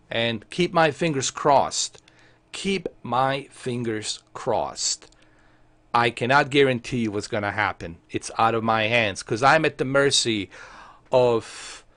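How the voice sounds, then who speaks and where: A man's voice: medium pitch, fairly bright tone, no room sound. A man chatting casually on a live stream who often breaks into heated, profane rants, with many fillers. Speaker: tech streamer.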